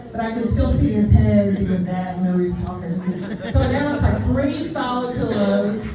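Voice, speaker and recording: A middle-aged woman doing a stand-up comedy set in a bar, talking in a rambling, conversational way with fillers. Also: medium pitch. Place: bar or brewery room. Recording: echoey bar room from far.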